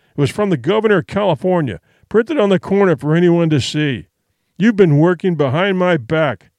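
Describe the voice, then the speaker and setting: A man putting on a hoarse drunken sea captain in an audiobook reading, resentful and snarling, his accusations pushed out loud and sharp, with a lively rise and fall, in a dry close sound with no room echo. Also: a little high, natural voice. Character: hostile drunken male ship captain, resentful.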